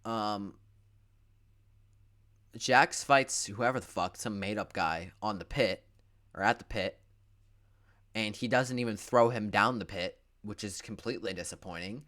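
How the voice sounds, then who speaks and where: A man's voice: fairly low pitch, unhurried, pauses often, bright, forceful tone. A young man giving a profane, sarcastic movie recap, full of filler words and swinging between mutters and outbursts. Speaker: movie reviewer.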